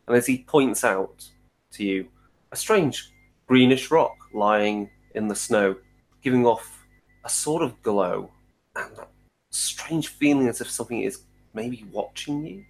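A man narrating as game master in a tabletop role-playing game, often pausing with fillers. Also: medium pitch, lively intonation, rough recording. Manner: hesitant, many fillers and restarts.

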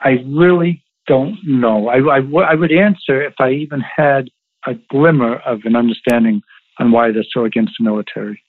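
A man's voice: medium pitch, moderate pace. Emphatic man on a phone line. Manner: emphatic, repetitive storytelling. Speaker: interview guest, former Navy SEAL. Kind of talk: interview over the phone.

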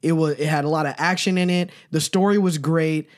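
Casual male co-host, somewhat high voice, jokey and profane. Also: fairly even intonation, a little fast. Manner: loose and joking, swears freely, stumbles over words. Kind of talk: casual chat.

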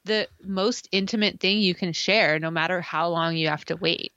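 A woman co-hosting a casual rewatch chat, animated, acting out lines in exaggerated voices and swearing freely. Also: lowish voice, moderate pace, no room sound, dull audio. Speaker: podcast co-host.

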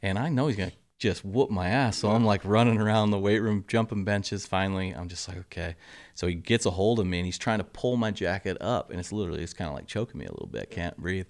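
A middle-aged man, a golf coach telling lively stories in an interview and acting out the quotes. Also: quick pace, few pauses. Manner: animated storyteller, acts out quotes, drops to a low murmur for asides. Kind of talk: casual interview storytelling.

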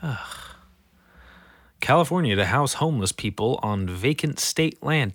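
A man who is sick, reading news headlines aloud in a casual, foul-mouthed way, swinging from mumbling to shouting. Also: medium pitch, animated, a little slow, pauses often, no room sound, studio quality. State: sick, voice going rough. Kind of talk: casual profane commentary.

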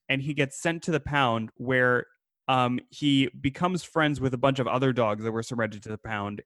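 A man co-hosts a casual podcast about old movies, rambling from one thought to the next. He sounds animated and laughs often, at an ordinary pitch. The recording is close and dry, with no room sound. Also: dry recording. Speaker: podcast co-host. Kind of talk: casual film discussion.

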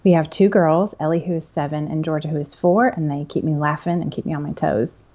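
A woman in her thirties from the American South talks with a podcast host, telling family stories and laughing easily. Her voice sits somewhat low, and the recording sounds dull and lo-fi. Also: fairly even intonation, brisk. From southern United States. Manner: warm-hearted storyteller, laughs easily. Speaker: podcast guest. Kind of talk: casual podcast interview.

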